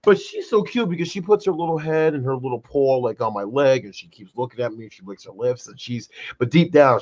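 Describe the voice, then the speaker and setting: A man co-hosting a casual chat show, animated and rambling, leaning on fillers like "though" and "brother". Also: mid-range voice, brisk, hardly any pauses. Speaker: co-host. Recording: dull lo-fi sound.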